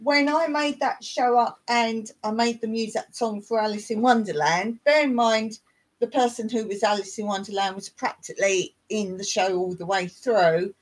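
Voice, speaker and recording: A woman's voice: fairly high pitch, normal speed, rough recording. A middle-aged woman from England, hosting a casual live chat, talking in a chatty way, reading aloud and singing snatches of songs. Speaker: livestream host.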